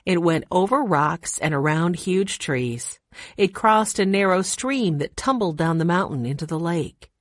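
A woman narrating a children's chapter book in a calm, steady reading voice. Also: fairly low pitch, measured pace, no room sound, clean studio sound. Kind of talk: audiobook narration.

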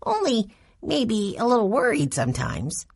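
An eager young boy with a high, bouncy voice that rises when he gets excited, as a woman narrator puts him on. He talks earnestly, full of wonder, in a storybook reading. A slight husk runs through it. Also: a little slow, slightly rough, dry recording, studio quality, exaggerated voice.

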